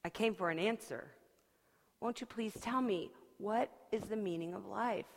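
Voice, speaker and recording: A woman voicing an eager, breathless woman who is searching for the meaning of life, speaking high and urgent in a reverberant hall. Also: moderate pace, vocal fry. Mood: insistent.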